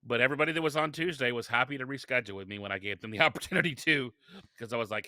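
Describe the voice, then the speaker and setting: Forceful, bright-voiced man telling stories. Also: medium pitch, very fast, dry recording. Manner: energetic storytelling with frequent restarts. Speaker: podcast guest. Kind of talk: casual interview talk.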